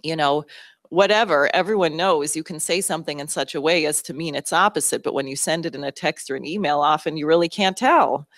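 A woman's voice: deep voice, a little fast, fairly bright tone, studio quality. A woman speaking at a town hall, intense and driven, thinking aloud with frequent restarts. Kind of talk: public talk to an audience.

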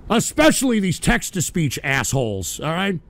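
Gravelly, high-voiced ranting man. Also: big pitch swings, moderate pace. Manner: shouts angrily at trolls, swears constantly; keeps tacking on "all right?". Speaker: livestream show host. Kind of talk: profane livestream rant.

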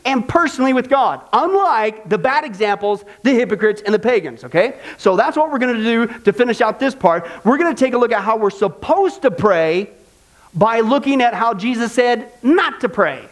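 A male pastor preaching a sermon in an animated, folksy way, often asking the congregation for agreement. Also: extremely high pitch.

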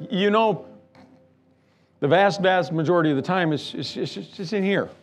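A man's voice: sits high, brisk, muffled recording, soft background music. A man preaching a sermon as pastor, emphatic and fond of repeating words and building lists. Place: church sanctuary.

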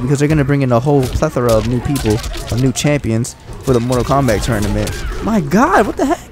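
A young man hosting a casual let's-play, chatting excitably with frustrated outbursts. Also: medium pitch, vocal fry. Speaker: gaming channel host. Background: game music and sound.

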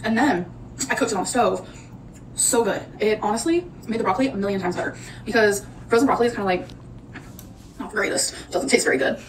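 A woman's voice: mid-range voice, expressive, fast, distant mic. A woman rambling chattily to her viewers in a casual cooking and eating vlog. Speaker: vlogger. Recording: noisy audio from off-mic.

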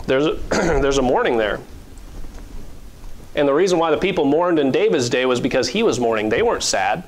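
A man's voice: mid-range voice, expressive, brisk, slight background noise. Earnest man preaching a sermon. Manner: earnest, conversational preaching with fillers and chuckles. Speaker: pastor.

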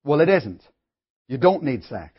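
A man's voice: medium pitch, very animated, a little slow, husky. A man preaching a sermon as pastor, telling stories with chatty asides to his congregation. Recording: dull lo-fi recording.

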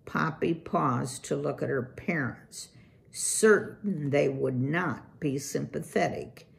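Slow, calm woman reading a storybook. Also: deep voice, creaky. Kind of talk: reading a children's book aloud.

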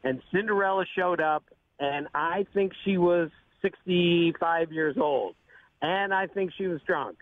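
A man telling a funny personal anecdote with a wry, deadpan delivery. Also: high voice, measured pace, slight background noise. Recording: tinny phone-line audio.

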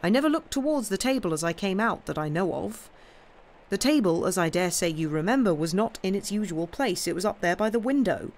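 A woman's voice: mid-range voice, lively intonation, fairly quick, darkish tone, lightly acted. A woman voicing a good-humoured young man who answers an accuser lightly and with mockery in a storybook reading. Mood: cool, mocking. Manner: light, mocking, lifted tone.

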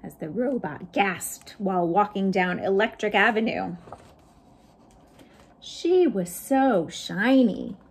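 Reading picture books aloud to children, a woman librarian speaks slowly in an expressive, slightly rough voice. She chats playfully with her young listeners and voices the sound effects with big jumps in pitch.

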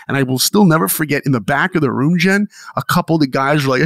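An animated man telling motivational stories to a podcast host, his voice swinging widely in pitch. It carries a gravelly edge. The sound is close and dry, with no room around it. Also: fast talker, few pauses, no echo. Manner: animated and enthusiastic. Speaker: podcast guest. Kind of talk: motivational storytelling.

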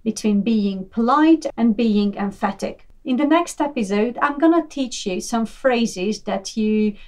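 A woman's voice: fairly high pitch, animated, unhurried. Patient woman teaching English phrases. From Hungary. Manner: clear and patient, models example phrases. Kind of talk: language lesson.

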